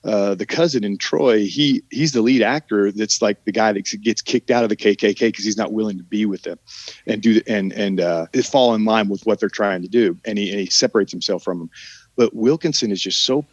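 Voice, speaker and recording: A man's voice: fairly low pitch, fairly quick, dry recording, highs cut off. A man with a Southern American drawl, an actor guest talking in a casual podcast interview, rambling with many restarts and trailing sentences.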